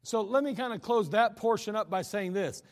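A man's voice: sits high, moderate pace, big-room sound. A man preaching a sermon in a conversational way, acting out the voices of people he quotes. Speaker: pastor.

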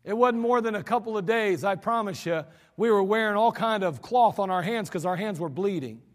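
Male American pastor, high-pitched, folksy storyteller, reverberant church sanctuary. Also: a little fast. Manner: folksy, emphatic storytelling preacher. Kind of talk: sermon.

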